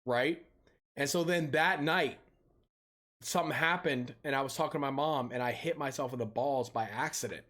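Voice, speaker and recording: A man's voice: mid-range voice, moderate pace, long pauses. A young adult man streaming a game, ranting with heavy swearing and telling stories in a casual way. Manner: profane ranting with animated storytelling. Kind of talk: casual live-stream chat.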